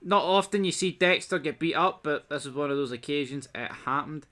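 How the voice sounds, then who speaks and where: A man rattles through a casual TV recap in a bright, forceful voice. He is blunt and sarcastic and swears freely. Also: a little high, fairly quick. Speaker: TV episode reviewer.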